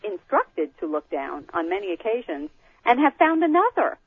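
Woman, animated storyteller, swooping lively pitch, tinny phone line, dry sound. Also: moderate pace, breathy edge, no echo. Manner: animated storyteller, acting out quotes. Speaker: guest. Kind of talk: telling a personal story. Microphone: phone call.

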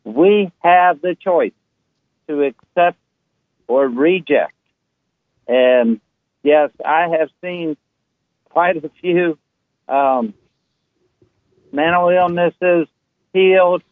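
A man appearing as a guest on a Christian radio show, preaching in a slow, measured way. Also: a little high, no echo. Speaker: guest minister. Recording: tinny phone line.

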